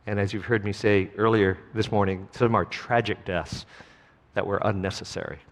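Male pastor, middle-aged, earnest sermon delivery, slow emphatic phrasing, long reverb of a church hall. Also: on the low side, flat delivery. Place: church sanctuary.

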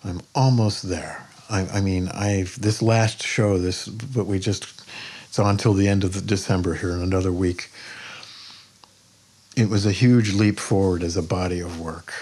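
An older man, a painter, talking in a podcast interview as a plainspoken, lively storyteller who swears freely. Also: deep voice, normal speed, husky. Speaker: painter guest.

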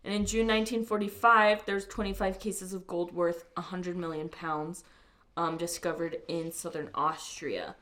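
A woman's voice: on the low side, fairly even intonation, normal speed, a bit bright. A woman co-hosting a casual podcast, explaining her point with many "um"s and "like"s. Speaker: podcast co-host.

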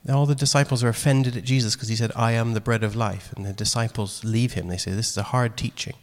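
A man preaching a sermon in a casual, animated way, acting out quoted lines. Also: mid-range voice, fast talker. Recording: long hall reverb.

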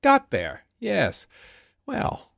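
A man's voice: high-pitched, huge pitch swings, extremely slow, gravelly, fairly bright tone, no room sound, clean studio sound, pitched above the performer's own voice, exaggerated voice. A man reading out the lines of a gracious, self-mocking veteran female stage star, in a clipped, slightly smoky voice. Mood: warm teasing. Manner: clipped lockjawed voice, a little smoky.

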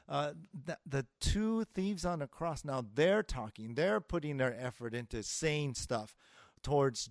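A man's voice: a little high, darkish tone, no echo, clean studio sound. A man preaching a sermon as pastor, in a conversational way that acts out the voices he quotes. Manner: conversational, with filler words and restarts, acting out quoted voices.

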